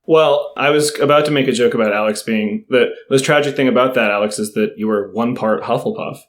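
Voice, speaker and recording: A man's voice: mid-range voice, brisk. A man guest on a casual chat podcast, telling stories in an earnest, rambling way.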